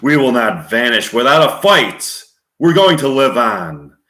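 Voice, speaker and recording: A man's voice: medium pitch, big pitch swings, a little slow, sharp tone, roomy sound, pitched above the performer's own voice. A man acting out a defiant male leader giving a rallying speech. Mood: rousing.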